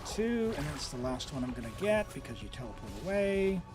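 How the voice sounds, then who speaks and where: A man streaming a game, commenting excitedly, talking to his characters and laughing often. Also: on the high side, brisk, music in the background. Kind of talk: live gameplay commentary.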